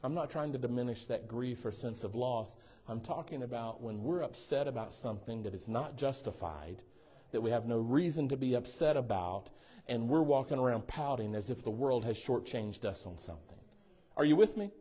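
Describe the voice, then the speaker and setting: A man's voice: medium pitch, lively intonation, normal speed, warm tone, husky. A male pastor preaching a sermon in a church, teasing and checking in with the congregation. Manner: playful, teasing asides, asks congregation for responses. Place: church sanctuary.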